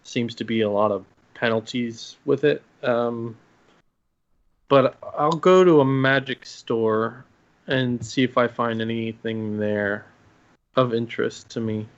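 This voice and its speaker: A man's voice: medium pitch, fairly even intonation, takes it slowly, dull audio. A man playing a tabletop game, who thinks aloud hesitantly. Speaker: player.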